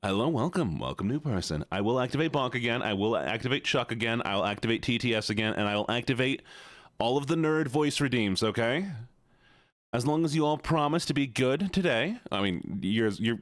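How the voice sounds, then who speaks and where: A man's voice: mid-range voice, lively intonation, fairly quick, dry recording, clean studio sound. A man streaming live, chatting with his viewers in a playful, teasing way.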